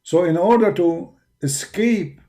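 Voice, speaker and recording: A man's voice: sits high, slow pace, dark tone. Combative man with an Arabic accent. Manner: combative, mocking, emphatic. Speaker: religious debater. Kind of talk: polemical monologue.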